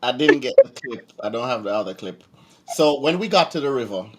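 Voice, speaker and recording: Playful man with lively pitch. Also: brisk, a little hiss or hum. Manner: playful, teasing, laughs often. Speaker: co-host. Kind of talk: casual storytelling while watching clips.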